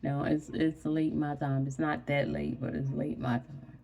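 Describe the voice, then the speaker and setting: A sleepy woman chatting casually to her camera, talking slowly and rambling. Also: low voice, fairly even intonation, warm tone. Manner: slow, rambling, sleepy and yawning. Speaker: vlogger.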